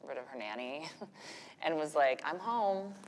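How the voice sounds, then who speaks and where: A woman's voice: rumbling low, unhurried, long reverb tail, slight background noise. A woman guest telling stories frankly and with profanity in a casual interview. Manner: frank, profane, animated storytelling. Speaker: podcast guest, business owner and mother. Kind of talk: candid casual interview talk.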